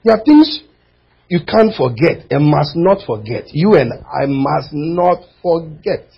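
High, husky impassioned preaching man. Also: animated, takes it slowly, lo-fi sound. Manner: impassioned preaching, swinging from shouts to low asides. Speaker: pastor. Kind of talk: sermon. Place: church.

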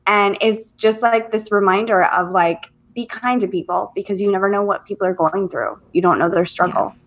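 A woman's voice: mid-range voice, moderate pace. A middle-aged woman co-hosting a podcast, telling stories candidly and acting out what people said. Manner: candid storytelling, acts out quotes. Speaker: podcast co-host. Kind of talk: casual chat.

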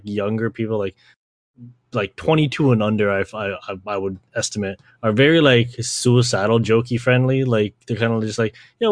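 A young man chats casually as a podcast host, rambling from point to point with lots of slang, swearing and "like". His voice is mid-pitched and sounds dry, close to the mic. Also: no room sound.

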